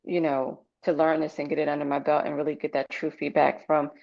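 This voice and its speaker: A woman's voice: deep voice, level tone, brisk, vocal fry. A woman, a new real estate agent in training, speaking earnestly and with determination on a group video call. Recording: dull lo-fi call audio.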